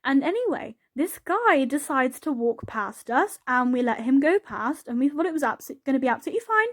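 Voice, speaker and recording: Casting: woman, high bright voice, chatty giggly vlogger narrating over gameplay, rambles and rants. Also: sing-song, fairly quick. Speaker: YouTuber narrating a game build. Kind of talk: casual voice-over chat over gameplay.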